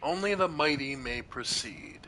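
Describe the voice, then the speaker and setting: Calm streamer man, let's play commentary, slow, bright, faint ambience behind. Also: mid-range voice, a little hiss or hum, poor audio. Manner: calm, reads game text aloud.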